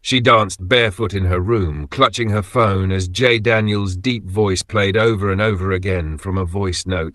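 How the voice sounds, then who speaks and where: A man's voice: sits low, normal speed, few pauses, a bit bright, dry recording, clean studio sound. A man telling a dramatic story as scripted narration, putting on voices for the quotes.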